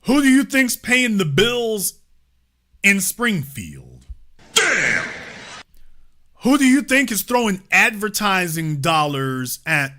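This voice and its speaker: Hosting a political commentary show, a man speaks emphatically, leaning on rhetorical questions and drawn-out stresses. His voice sits high and comes across pushed and bright.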